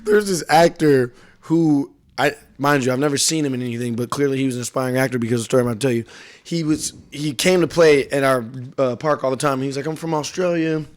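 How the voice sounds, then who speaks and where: A man's voice: mid-range voice, quick pace. A young man co-hosting a casual podcast, rambling through stories and acting out quoted voices. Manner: rambling, animated storyteller with laughs and acted quotes. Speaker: podcast co-host. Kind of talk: casual chat, storytelling.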